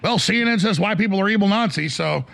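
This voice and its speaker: A man's voice: high voice, fast, creaky, fairly bright tone. A man hosting a talk show, flustered and rambling.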